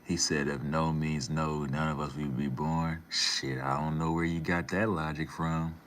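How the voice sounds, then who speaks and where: A man's voice: very deep voice, level tone, unhurried, a bit bright, a little hiss or hum. A man casually reading and answering his live chat, laid-back and slangy, calling viewers man and bro.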